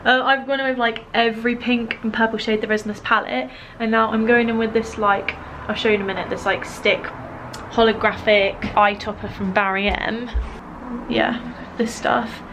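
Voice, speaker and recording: A young British woman vlogging to the camera from her room at home, chatty and giggly, her voice slightly hoarse. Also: a little high, level tone, normal speed, fairly bright tone, a little hiss or hum, low-quality recording. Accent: British English. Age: young adult. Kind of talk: casual vlog chat. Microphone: camera mic, filming herself.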